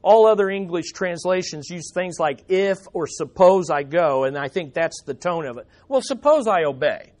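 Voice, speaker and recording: A man preaching a sermon at a church service, animated, putting rhetorical questions to the congregation. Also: sits high, moderate pace, few pauses. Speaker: pastor.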